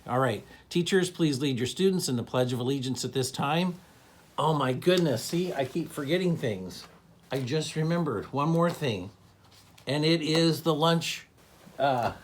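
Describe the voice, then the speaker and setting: A man giving morning announcements to students at an elementary school, upbeat and encouraging, a little scattered as he looks for his notes. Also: a little high.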